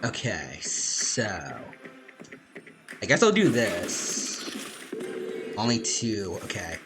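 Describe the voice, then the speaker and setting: A man's voice: on the low side, big pitch swings, drawn-out words. A man streaming a turn-based game, casually talking himself through each move, with lots of fillers and restarts. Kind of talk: casual gameplay commentary. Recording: game music playing behind.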